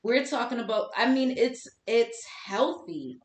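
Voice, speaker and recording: A woman in casual podcast chat, telling a story in an animated way and acting out what people said. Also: on the high side, a little slow. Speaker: podcast co-host. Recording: echoey room recording.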